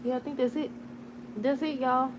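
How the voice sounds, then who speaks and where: A woman in casual chat recapping a soap opera episode, animated, laughing and talking back to the characters. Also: high voice, normal speed, noisy background. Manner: chatty, talks back to the characters.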